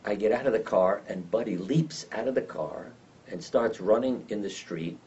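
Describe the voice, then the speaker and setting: Older man with a low voice telling stories. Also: moderate pace, a little hiss or hum. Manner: animated anecdotal storyteller, acts out voices in his stories. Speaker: interview guest. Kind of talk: storytelling in an interview. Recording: dull lo-fi sound from some distance.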